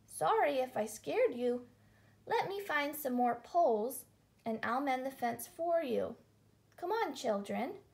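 A woman's voice: high-pitched, lively intonation, slow, vocal fry, a little mellow, full character voice. A woman doing a fussy little old elf man. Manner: fussy, then helpful. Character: grumpy but kind little old male elf.

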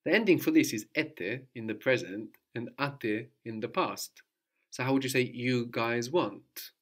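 A man's voice: medium pitch, unhurried, fairly bright tone. A man teaching a language lesson, asking questions patiently and repeating his student's answers.

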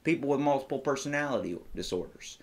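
A male comedy podcast host who reads from his notes with emphatic, theatrical delivery. His voice sits at a middling pitch. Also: expressive, fast.

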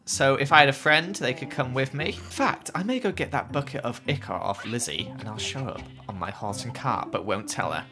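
A young man giving chatty, excitable commentary while playing a video game. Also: mid-range voice. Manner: excitable, chatty, jumpy exclamations. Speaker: gaming YouTuber. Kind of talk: casual Let's Play commentary.

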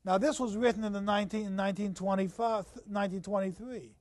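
An older man giving a university literature lecture. He swings between loud, stressed points and low, quiet asides, and he reads passages aloud in a slow, marked rhythm. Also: steady tone, no echo. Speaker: literature professor.

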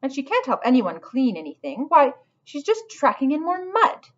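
A woman's voice: sits high, huge pitch swings, moderate pace, muffled recording, pitched above the performer's own voice. A woman voicing a sulky, hostile young female squirrel who works as a maid. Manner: sulky, snippy.

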